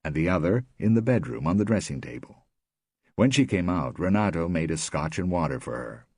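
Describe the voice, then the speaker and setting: Low husky guy narrating an audiobook, lively pitch, dry close mic. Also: fairly quick, no room sound. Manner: steady, expressive reading. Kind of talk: scripted narration.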